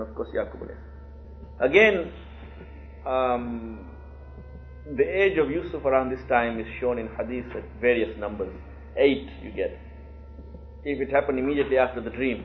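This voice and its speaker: A man teaching a religious lesson on scripture, animated and acting out the quotes he explains. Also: mid-range voice, reverberant. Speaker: teacher of Quran commentary. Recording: tinny phone-like line, faint hiss.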